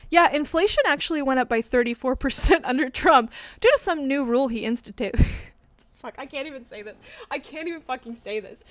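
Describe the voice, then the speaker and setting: A young woman from Texas streams live into a desk mic, talking to her chat in a high, bright voice. She is sarcastic and foul-mouthed, and she laughs easily as she riffs. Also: lively intonation. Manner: profane, sarcastic, quick to laugh. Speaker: livestreamer. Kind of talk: casual livestream chat. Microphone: desk microphone.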